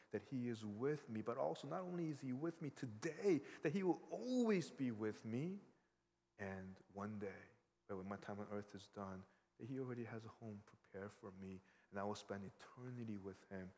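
Low-voiced man preaching in a big hall. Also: darkish tone. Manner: earnest, conversational, often adds "right?". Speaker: pastor. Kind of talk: sermon. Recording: long hall reverb.

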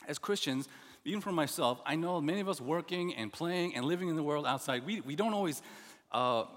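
Middle-aged man, pastor preaching, earnest, lively pitch, long church reverb. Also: brisk. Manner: animated, earnest, with frequent restarts and "you know". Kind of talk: sermon. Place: church sanctuary.

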